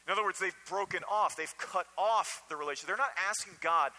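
A man's voice: high-pitched, fast, hardly any pauses, pushed and bright, big-room sound, rough recording. A man preaching a conversational sermon to a Sunday morning congregation, often asking them direct questions. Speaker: pastor.

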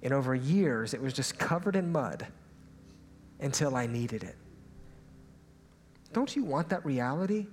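A young man preaching a sermon as a pastor, telling a personal story in a lively, animated way and sometimes dropping to a hushed aside. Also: medium pitch, measured pace, long pauses, slight background noise. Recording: hall reverb, faint ambience.

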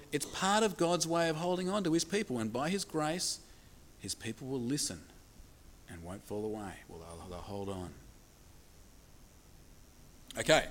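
Animated preacher, rhetorical questions. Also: male voice, on the high side. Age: adult with children. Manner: emphatic, asks rhetorical questions, slows down to stress key points. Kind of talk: sermon.

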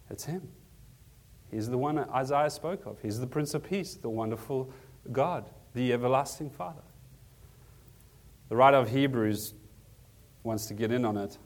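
Male pastor, mid-pitched, conversational sermon delivery, earnest with rhetorical questions.

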